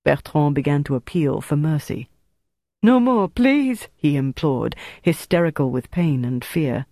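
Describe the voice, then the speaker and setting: An audiobook narrator reads a tense thriller in a steady, measured voice of middling pitch. The sound is dry and close, with no room echo. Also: vocal fry.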